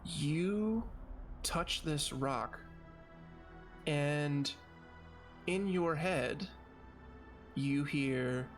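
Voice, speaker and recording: A man's voice: fairly high pitch, very slow, long pauses, soft background music. A man running a tabletop game as game master, describing scenes in a matter-of-fact way.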